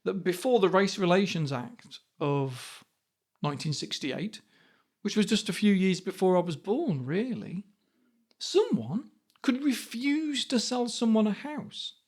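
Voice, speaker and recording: Man in his fifties, lively pitch. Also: unhurried. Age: 50s. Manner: conversational, asks rhetorical questions. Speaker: podcast host. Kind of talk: podcast monologue.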